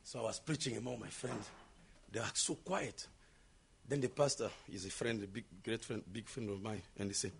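A man from South Africa preaching a sermon, asking the congregation questions and building up to shouts. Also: fairly low pitch, normal speed, vocal fry, slight background noise.

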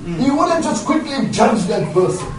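A man's voice: very high-pitched, very animated, measured pace, over music. A man preaching a sermon, emphatic and repetitive, telling a story, in an echoey church heard from far off.

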